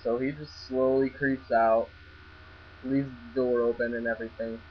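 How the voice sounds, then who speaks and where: A man's voice: medium pitch, little pitch movement, normal speed. Young guy telling a story, lots of stammering and cussing, kinda muffled lo-fi audio. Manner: rambling, stammers and restarts, swears freely. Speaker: vlogger. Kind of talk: casual storytelling. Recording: dull lo-fi recording with faint mains hum.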